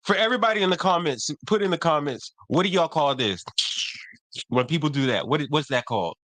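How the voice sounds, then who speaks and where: A man co-hosting a podcast in casual chat, excitable and quick to jump in. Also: fairly high pitch, no echo. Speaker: podcast co-host.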